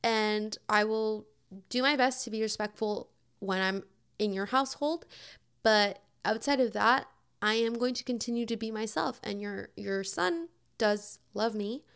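Bubbly young woman with a smooth, higher voice. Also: a little slow, a bit bright. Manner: chatty and upbeat, full of "like" and "oh my God". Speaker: podcast host. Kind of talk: casual advice chat answering listener questions.

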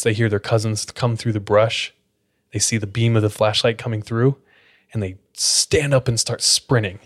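A man hosting a podcast, casually retelling a spooky story, leaning on "like" as he talks. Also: medium pitch. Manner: casual, filler-heavy retelling with frequent "like". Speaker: podcast host.

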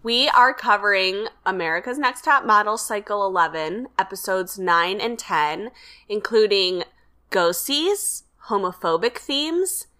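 A young woman co-hosting a podcast, her tone bright and lively as she summarizes episodes plainly. She adds dry little asides in a casual chat. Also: mid-range voice, unhurried. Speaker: podcast co-host. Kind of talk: casual chat recapping a TV show.

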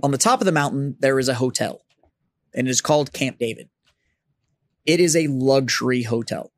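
A man hosting a podcast, telling stories in a casual bar chat, animated and swearing freely. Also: mid-range voice, normal speed. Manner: animated storyteller, swears freely, mimics voices. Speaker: podcast host. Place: studio set up as a bar.

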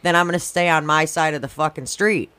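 A man co-hosting a casual podcast chat, swearing, laughing often and dropping quick agreements. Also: a little high, fairly even intonation, pushed and bright, smooth, dry recording. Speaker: podcast co-host and creator.

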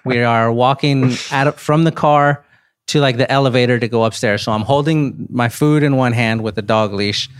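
A man with a middle-pitched voice tells a casual story as a podcast guest, recorded dry and close. He builds suspense and climbs into high-pitched disbelief. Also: moderate pace, smooth, dry recording. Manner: animated storyteller, rises into disbelief.

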